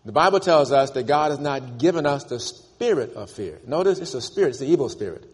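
A man with a husky, medium-pitched voice preaches a little fast, with lively intonation. His sermon is emphatic and he calls on the congregation to repeat after him, all under the long reverb of a church.

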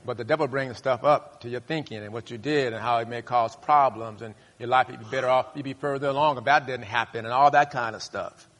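A male pastor preaching a sermon, leading the congregation in call-and-response and rising to loud, high bursts. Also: fairly even intonation, fairly quick, hardly any pauses. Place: church sanctuary. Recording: long hall reverb.

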